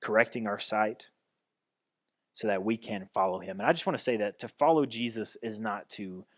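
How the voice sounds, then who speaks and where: A man's voice: fairly low pitch, normal speed. A man pastor giving a conversational sermon, restarting and repeating phrases as he goes.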